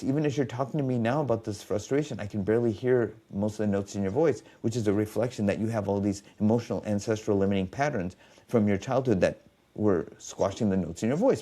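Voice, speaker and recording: A man's voice: on the low side, dark tone. A man telling stories in a podcast conversation as a biofeedback specialist, acting out quoted dialogue.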